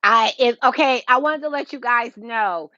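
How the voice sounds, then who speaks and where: A woman's voice: on the high side, moderate pace, bright, forceful tone, no echo, lo-fi sound. A woman, hosting a casual home decor livestream and chatting with viewers by name, recorded through a Bluetooth earpiece. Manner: chatty, greets viewers by name, laughs often.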